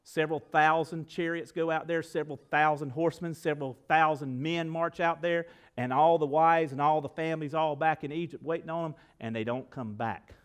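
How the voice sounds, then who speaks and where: High-voiced pastor preaching with loud-soft swings. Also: male voice, steady tone, fairly quick, few pauses, clear, resonant tone. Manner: asks the congregation questions directly. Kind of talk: sermon. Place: church sanctuary.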